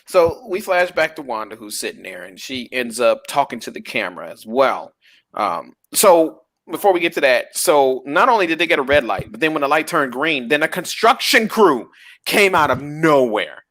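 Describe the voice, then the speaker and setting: A man hosting a casual chat about a TV episode, retelling scenes in an animated, exasperated way and laughing along. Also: medium pitch, moderate pace. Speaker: podcast host.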